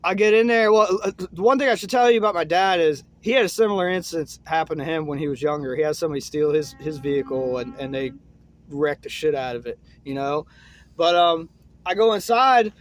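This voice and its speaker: Rambling through a story in an easygoing manner, this young man keeps saying "man" and "uh," softening and lowering his voice at the dark parts.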